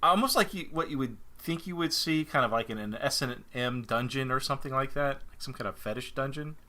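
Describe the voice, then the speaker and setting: A man's voice: medium pitch, brisk, sharp tone. A man co-hosting a podcast, recapping a TV episode in casual chat, laughing easily and using lots of fillers. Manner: laughs easily, retells scenes with many fillers. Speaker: podcast co-host.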